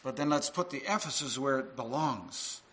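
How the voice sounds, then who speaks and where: Bright-voiced male minister preaching earnestly. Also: mid-range voice, expressive, moderate pace, poor audio. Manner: earnest preaching with rhetorical questions. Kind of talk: sermon.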